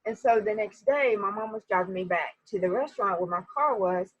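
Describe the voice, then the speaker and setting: A woman telling a personal story to her viewers in a casual, animated way, often speaking to them directly. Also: medium pitch, a little fast, breathy edge, lo-fi sound. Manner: animated, talks straight to viewers.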